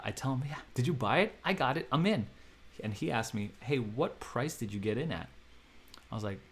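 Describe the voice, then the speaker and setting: Excitable man telling a story. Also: creaky. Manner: excitable, acts out quoted dialogue with big jumps in pitch and loudness; self-mocking, laughs often. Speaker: crypto video host. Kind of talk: animated storytelling vlog.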